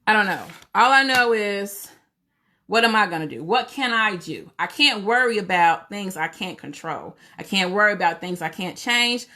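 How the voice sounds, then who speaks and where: A woman's voice: mid-range voice, lively intonation, normal speed, pushed and bright. A woman hosting a casual livestream, opinionated and full of rhetorical questions, greeting viewers as she talks. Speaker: livestream host.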